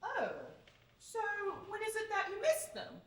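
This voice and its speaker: A woman's voice: very high voice, expressive, unhurried, a bit bright, exaggerated voice. A woman playing a gushing, giggly lady. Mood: fluttery. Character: giggly flirtatious English sisters, middle-aged women. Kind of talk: community stage play. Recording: roomy stage sound from far off.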